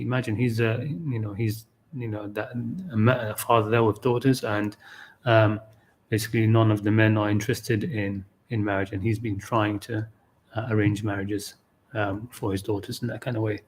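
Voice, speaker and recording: A man's voice: fairly low pitch, a little mellow, husky. A man giving an unscripted livestream talk on a scripture verse, thinking aloud with frequent restarts and "okay, you know". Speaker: Qur'an teacher.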